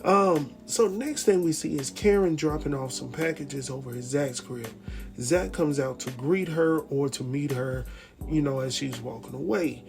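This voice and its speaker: A man with talks through a TV episode in loose, casual commentary. His voice sits a little high, and he acts out each character's lines with plenty of laughter. Faint music plays underneath. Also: a little slow, vocal fry. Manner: animated, acts out quotes, laughs often. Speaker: TV recap host.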